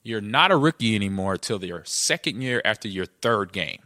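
A middle-aged man, a former football player who co-hosts a podcast, casually tells stories and animatedly acts out quotes with jumps in pitch. He speaks at a moderate pace, and the recording is studio quality with no echo.

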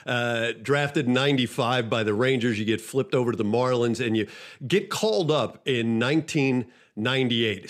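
Measured male interview host. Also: mid-range voice. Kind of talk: interview questions.

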